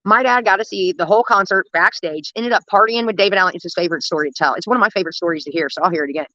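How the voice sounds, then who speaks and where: A woman's voice: on the low side, racing, sharp tone, no room sound, muffled recording. A young woman chatting on a livestream, telling rambling, profane stories about her dad. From United States. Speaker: livestream host. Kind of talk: casual storytelling.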